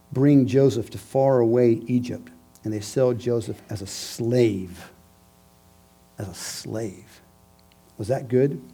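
A man preaching a sermon, emphatic and repetitive, swinging between loud declarations and hushed phrases, with a husky voice. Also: mid-range voice.

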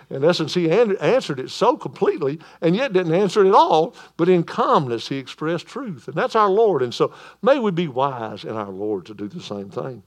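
A man preaching a sermon in a church, moving between loud proclamation and quiet calm. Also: on the high side, moderate pace. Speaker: pastor.

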